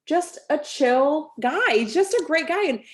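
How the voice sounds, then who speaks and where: A woman's voice: high-pitched, lively intonation, a little slow. A woman, a sales team director, telling a rambling personal story on a team call, full of fillers and restarts.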